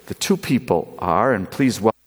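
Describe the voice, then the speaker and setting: A man preaching a sermon, slow and lively, with playful asides. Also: on the low side, husky. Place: church. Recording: echoey church with long reverb.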